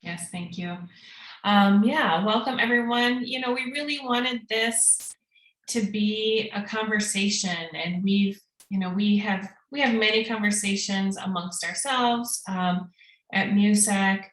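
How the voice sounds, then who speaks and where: A woman's voice: medium pitch, a little slow, fairly bright tone. Earnest woman panel lead, casual and searching, roomy video-call sound. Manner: earnest, frequent fillers and restarts. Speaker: executive director, panel opener.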